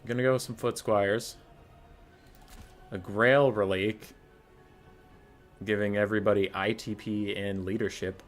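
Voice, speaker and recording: A man streaming a strategy game, giving casual commentary in an excitable way, swearing and talking to himself as he plays. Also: on the low side, a little slow, long pauses, soft background music.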